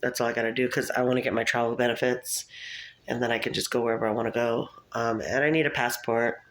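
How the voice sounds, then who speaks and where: A woman's voice: rumbling low, flat delivery, fast talker. A woman talking to the camera in a casual, rambling monologue, chatty and laughing often. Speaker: vlogger.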